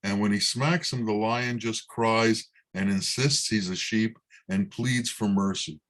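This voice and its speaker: A man gives a spiritual talk as a Sufi teacher, unfolding a parable in a measured way. His voice sits low, and he takes his time, leaving long pauses between phrases. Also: a bit bright. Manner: slow, measured storytelling.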